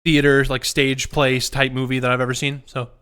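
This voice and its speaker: A man's voice: mid-range voice, level tone, normal speed, fairly bright tone, smooth. A man co-hosting a casual podcast, talking loosely and often repeating words as he restarts his sentences. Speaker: podcast co-host. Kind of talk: casual chat.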